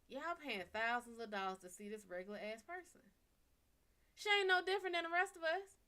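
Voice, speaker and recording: A young woman with a Bayou accent, talking in a blunt, profane, animated way on a casual live stream. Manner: blunt, animated and profane, swinging from loud to low. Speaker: live stream reader and host.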